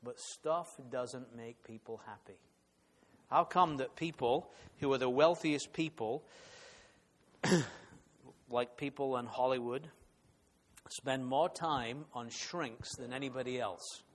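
A man's voice: mid-range voice, takes it slowly, pauses often. A man preaching a sermon in an earnest way, often repeating words as he builds emphasis. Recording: hall reverb.

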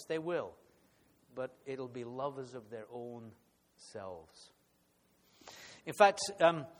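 A man preaching a sermon in an earnest way, often repeating words as he builds emphasis. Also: medium pitch. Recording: hall reverb.

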